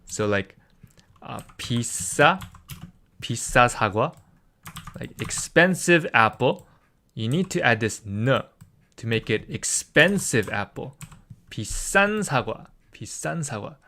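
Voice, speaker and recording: Slow, bright-voiced man tutoring casually. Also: medium pitch, lively intonation. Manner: patient, drills syllables by repeating them, many "like" fillers. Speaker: Korean language tutor.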